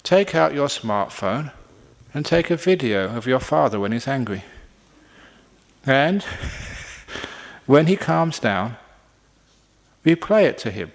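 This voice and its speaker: A man's voice: very animated, takes it slowly, vocal fry, long pauses. Monk guy giving a talk, playful and cheeky, voice swoops up and down, echo from a big hall. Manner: playful, varies pitch and speed for effect. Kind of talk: public talk to an audience. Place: large conference hall. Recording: long hall reverb.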